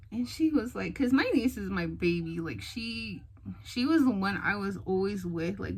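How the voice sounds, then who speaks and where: Animated young woman telling a story. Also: mid-range voice, low-quality recording. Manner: animated, re-enacts others' lines, many fillers. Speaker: vlogger. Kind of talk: casual storytelling.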